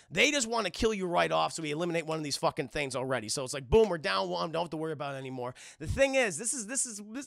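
Close to the mic on a dry recording, a male streamer rambles through an anime recap for his chat. His high, bright voice carries heavy gravelly fry, and he swears freely while repeatedly turning back to talk to his viewers.

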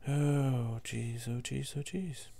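A man giving casual commentary on his own strategy match, muttering to himself and jumping to high, exasperated yelps when things go wrong. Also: steady tone, takes it slowly, gravelly, mellow.

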